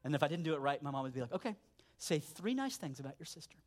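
A man, a pastor, preaching a sermon with animated storytelling, dropping into low asides and rising for emphatic points. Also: very fast.

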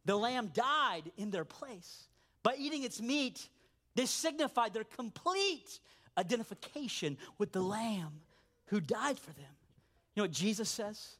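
A man, a pastor, preaching a sermon with animated storytelling, dropping into low asides and rising for emphatic points. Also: unhurried.

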